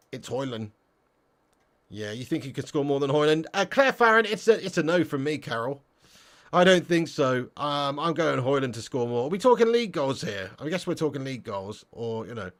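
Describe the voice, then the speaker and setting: A man hosting a live football fan stream, reading chat comments and ranting bluntly with plenty of swearing. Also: on the high side. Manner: swearing, blunt, excitable rants. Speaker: football fan channel host.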